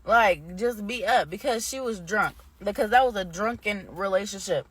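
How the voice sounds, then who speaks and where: A woman's voice: medium pitch, moderate pace, hardly any pauses, husky, dry recording. A young woman vlogging, telling a personal story in a rambling, candid way, often indignant. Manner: grows heated and indignant. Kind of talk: casual storytime monologue.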